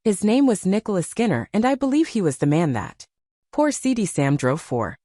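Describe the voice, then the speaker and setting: A woman narrating an audiobook in a measured storytelling manner. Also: medium pitch, big pitch swings, mellow, no echo, studio quality. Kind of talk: scripted narration.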